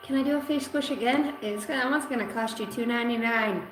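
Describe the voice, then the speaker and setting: A woman in her thirties reads tarot and oracle cards on a casual livestream, speaking fast in a slightly high, fairly bright voice while joking with viewers and cursing freely. Faint music plays in an echoey room.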